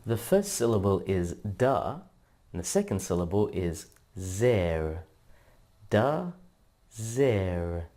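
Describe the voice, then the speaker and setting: A man narrates a language lesson from a script, spelling out sounds in a measured teaching cadence. His voice sits low and mellow. He speaks very slowly and deliberately. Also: expressive. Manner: slow, measured, drawn-out syllable drills.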